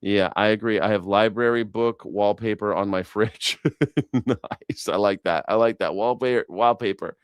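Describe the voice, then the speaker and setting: A man's voice: lowish voice, steady tone, unhurried, clean tone, dry recording, studio quality. A man hosting a news reaction show, riffing sarcastically in rambling, profane commentary. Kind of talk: casual comedic commentary.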